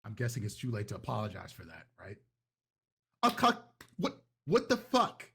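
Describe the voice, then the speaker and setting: A man voicing a tiny, furious young woman vampire singer who rants and swears in shrill, high outbursts. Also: fast talker, creaky, breathy edge, heavily acted.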